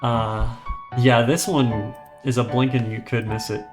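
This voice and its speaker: Casting a live rhythm game tournament with game music behind him, this man speaks at a measured pace in a flat, medium-pitched voice. He stays chatty and frank in his casual commentary but gets flustered when the stream has trouble.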